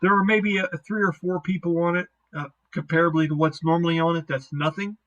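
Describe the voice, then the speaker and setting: A man's voice: a little high, fairly even intonation, a little fast, a bit bright, highs cut off. A man narrating as game master on a voice call, rambling and self-deprecating.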